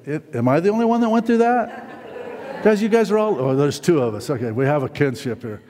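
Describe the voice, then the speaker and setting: A man's voice: mid-range voice, big pitch swings, a little fast, mellow. Rambling preacher man in a reverberant hall. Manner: rambling, many fillers and restarts, asks the congregation questions. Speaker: pastor. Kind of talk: sermon.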